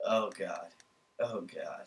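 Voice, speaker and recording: A man's voice: deep voice, slow, rough recording. A man co-hosting a casual podcast chat, ranting and swearing in exasperation. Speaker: podcast co-host.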